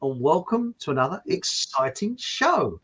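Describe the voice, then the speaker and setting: A man's voice: on the high side, very animated, a little slow, bright, forceful tone, husky, poor audio. A man from Hertfordshire with an estuary English accent, hosting a casual chat show and rambling cheerfully. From Hertfordshire, England. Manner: chatty, rambling, laughing often. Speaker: host.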